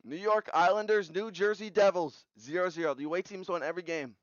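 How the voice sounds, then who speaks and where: A young man recapping simulated hockey games in quick bursts of scores, getting excited at big goals. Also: high-pitched, no room sound. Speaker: video game simulation commentator. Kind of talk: play-by-play recap commentary. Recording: slightly dull lo-fi audio.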